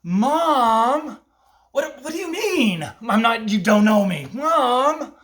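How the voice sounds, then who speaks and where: A man voicing his seven-year-old self, a bold little schemer pleading in a high, whiny voice. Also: very animated, takes it slowly, fairly bright tone, exaggerated voice.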